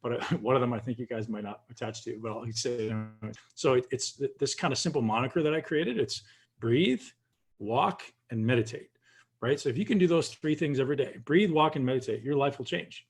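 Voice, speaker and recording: A man with a husky, slightly breathy voice talks calmly and steadily, giving step-by-step coaching. His pitch sits in an ordinary middle range for a man. He sounds like he is on a video call. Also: a little fast. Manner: calm, instructive, addresses listeners directly. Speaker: guest leading a breathing practice. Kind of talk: coaching instruction.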